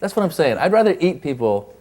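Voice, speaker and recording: A man's voice: a little high, fast talker. A comedian and actor in his thirties, born in Iran, chatting casually in an interview and acting out voices as he tells stories. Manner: animated storyteller who acts out voices.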